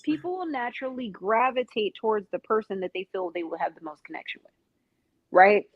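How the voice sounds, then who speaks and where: A woman's voice: medium pitch, a little fast, dry recording, narrow, tinny audio. A woman hosting a casual conversation, emphatic and agreeable, speaking in a slangy way. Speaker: podcast host.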